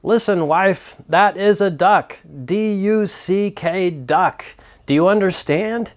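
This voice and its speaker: An irritable young newlywed husband , as a man acts him out, argues with emphatic, exasperated stress in a fairly high male voice. He spells his point out with rising impatience in a spoken story. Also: measured pace, close to an everyday voice. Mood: angry.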